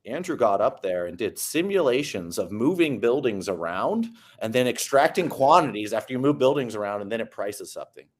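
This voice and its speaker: A man's voice: medium pitch, big pitch swings, a little fast, hardly any pauses. A man co-hosting a panel chat, giving blunt, opinionated views.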